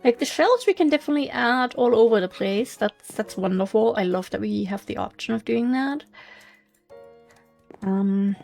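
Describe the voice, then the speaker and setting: A woman's voice: on the high side, lively intonation, normal speed, gravelly, a little mellow, soft background music. A woman with a slight German accent, thinking aloud as she hosts a casual gameplay commentary, musing and hesitant. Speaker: let's play host.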